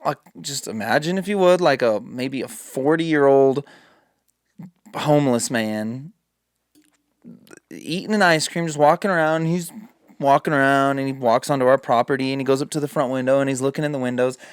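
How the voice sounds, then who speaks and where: A man's voice: mid-range voice, moderate pace, clear, resonant tone, no echo. A man spins a casual podcast story, cursing freely and acting out every line of dialogue. His voice is close and dry, with no room around it. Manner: animated, swearing, acts out quotes. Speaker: podcast host.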